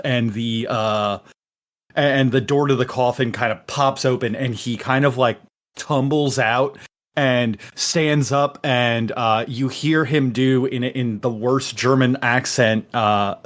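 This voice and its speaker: Halting male tabletop player. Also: medium pitch, a bit bright. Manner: halting, many fillers and restarts. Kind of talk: casual tabletop game play.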